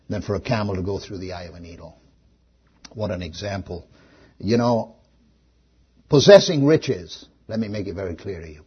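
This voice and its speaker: A man preaching a sermon as pastor, animated, swinging between loud emphasis and hushed questions. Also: lowish voice, husky, dull audio.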